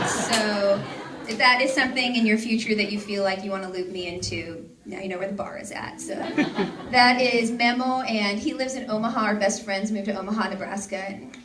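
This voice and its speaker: A woman's voice: medium pitch, normal speed, noisy background. A woman in her thirties from the Seattle suburbs, giving a bubbly, joking conference talk as a campus ministry staff speaker, into a stage microphone before a large audience. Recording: echoey hall with crowd.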